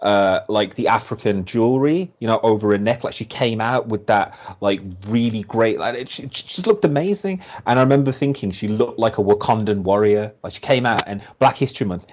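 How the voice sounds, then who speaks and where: A man's voice: lowish voice, fairly quick, few pauses. Chatty man, muffled podcast audio. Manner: animated, acts out quotes with "like". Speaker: podcast guest. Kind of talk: casual podcast chat.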